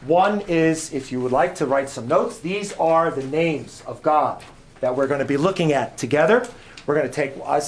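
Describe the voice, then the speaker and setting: A man giving an informal sermon as a guest preacher in a church, chatty and joking, often repeating his phrases. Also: fairly high pitch.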